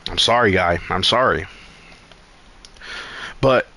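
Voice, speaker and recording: A man's voice: low-pitched, slow, pushed and bright. A man streaming a game, telling a long rambling story with lots of swearing and acting out quotes in a raised voice. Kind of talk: casual storytelling while gaming.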